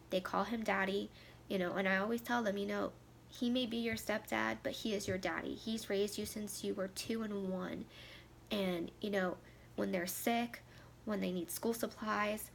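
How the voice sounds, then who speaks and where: Woman in her thirties, tearful, heartfelt personal talk; gravelly, fry-edged voice at a middle pitch, soft hiss behind. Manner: emotional, heartfelt, voice dropping to a near whisper at times. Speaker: vlogger. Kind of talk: candid personal talk to camera.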